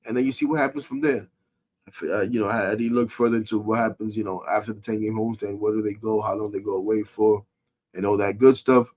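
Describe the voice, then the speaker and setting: A man, hosting a sports podcast as a casual rant. He is frustrated and animated, swinging from loud outbursts to muttering. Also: fairly low pitch, quick pace, dull audio, a little hiss or hum.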